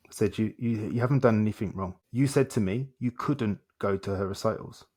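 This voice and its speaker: A man's voice: lowish voice, a little fast, a little mellow, slightly rough. A man, a coach and guest in an interview, telling stories animatedly and acting out dialogue in short repeated phrases. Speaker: self-development coach, guest. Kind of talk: conversational storytelling in a podcast interview.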